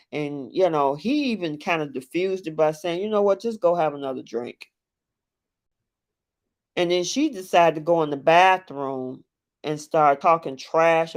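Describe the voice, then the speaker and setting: Opinionated reality-TV recap host. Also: medium pitch. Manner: animated and opinionated, acts out what cast members said; reacts to viewers in the chat mid-talk. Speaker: live stream host. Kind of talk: casual reality-TV recap on a live chat stream.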